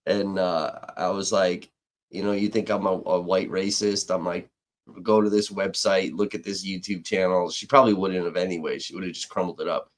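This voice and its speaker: A man's voice: low-pitched, steady tone, moderate pace. A man live-streaming, telling a rambling, heated story in casual chat, swearing freely and restarting his sentences. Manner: heated, profane, with frequent restarts.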